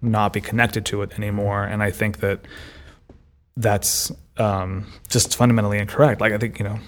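In a casual podcast discussion, this male co-host works through his ideas thoughtfully, tending to repeat words while thinking. He speaks at a normal speed in a lowish, level voice.

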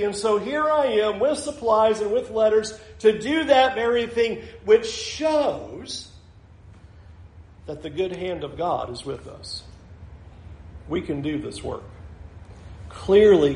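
A man with a high voice preaches a sermon, reading scripture aloud and acting out the figures in it with energy. The room around him is echoey and reverberant. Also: a little hiss or hum. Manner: expressive, acts out quoted scripture and voices. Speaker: pastor.

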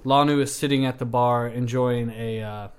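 A man running a tabletop game as game master, narrating in a relaxed way and laughing often. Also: mid-range voice, normal speed, clear, resonant tone.

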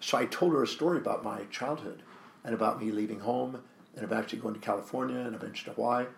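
A man's voice: on the low side, quick pace, creaky, roomy sound, a little hiss or hum. A man, a guest speaker and author, telling a story in an interview and acting out the dialogue with animation.

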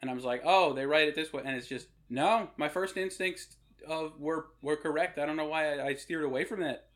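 A man's voice: fairly high pitch, brisk, a bit bright. A man hosting a podcast, telling jokey anecdotes in casual conversation. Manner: joking anecdotal storyteller. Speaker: podcast host.

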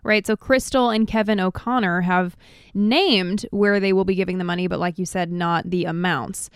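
A woman's voice: lowish voice, steady tone, moderate pace, smooth, no room sound, clean studio sound. A woman co-hosting a political podcast, reading out news items and discussing them earnestly. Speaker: podcast co-host. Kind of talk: casual political chat.

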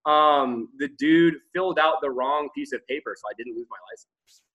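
A man's voice: on the high side, moderate pace, dull audio. A young man, a guest entrepreneur, telling stories in a casual interview, swearing freely and laughing often. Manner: animated, profane, laughs often.

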